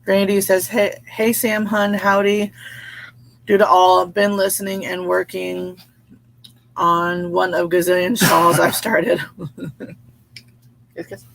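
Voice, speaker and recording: A woman hosting a relaxed livestream, chatting with viewers, laughing often and reading their comments aloud. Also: fairly low pitch, slow pace, vocal fry, pauses often. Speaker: livestream host reading chat. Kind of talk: casual live chat.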